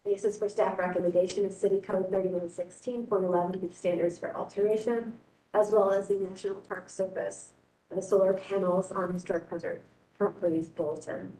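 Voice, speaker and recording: A female staff member reading out a staff report in a brisk, businesslike manner at a public meeting. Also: steady tone, warm tone. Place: council chamber. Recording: distant echoey chamber, faint rumble.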